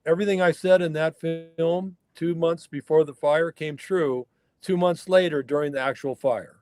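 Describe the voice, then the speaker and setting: A man's voice: fairly high pitch, fairly even intonation, moderate pace, darkish tone, no room sound, clean studio sound. An older man from the Northern California mountains, telling stories in a folksy, emphatic way as an interview guest. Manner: folksy, emphatic, acts out dialogue in anecdotes. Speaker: guest, wild horse fire researcher. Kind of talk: conversational storytelling interview.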